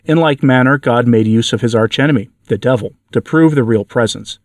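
Male narrator, mid-pitched, dry studio sound, solemn scripted storytelling. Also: no room sound. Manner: measured, solemn reading. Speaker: podcast reader.

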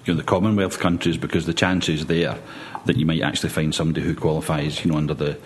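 A man with a deep, husky voice talks football. He rambles in a measured way, pausing often and circling back to his point. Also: flat delivery. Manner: measured, rambling, many hesitations. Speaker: podcast guest pundit. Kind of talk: casual football chat.

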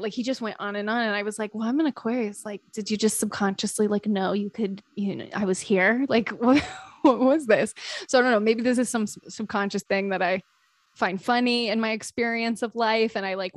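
A woman hosting a podcast, chatting casually and telling animated stories. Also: on the high side, dry recording. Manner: chatty, animated storytelling with laughs. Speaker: podcast host. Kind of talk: casual chat.

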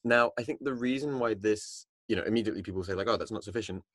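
A man's voice: lowish voice, fast talker, fairly bright tone, no room sound. A man co-hosting a podcast, thinking aloud in a loose, chatty way, full of restarts. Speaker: podcast co-host. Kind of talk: casual discussion.

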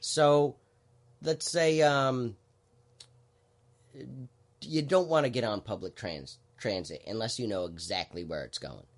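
A man hosting a podcast, explaining things in a relaxed, halting way with lots of fillers. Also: lowish voice. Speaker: podcast host. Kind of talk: casual podcast chat.

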